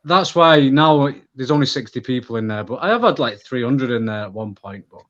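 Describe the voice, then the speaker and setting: A man with a Manchester accent talks casually as a podcast guest, rambling and relaxed. His voice sits at an ordinary pitch. The audio is slightly dull and lo-fi. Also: fairly quick. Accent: Mancunian. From England. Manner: chatty, talks about himself in a relaxed, rambling way. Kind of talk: casual conversation.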